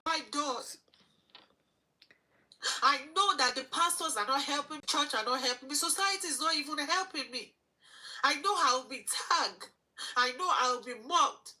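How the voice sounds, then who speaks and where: A woman talks as an interview guest. Her voice sits high and sounds clear and bright. She speaks earnestly and haltingly, circling back over her own phrases. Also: poor audio. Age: 40s. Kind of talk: emotional personal testimony.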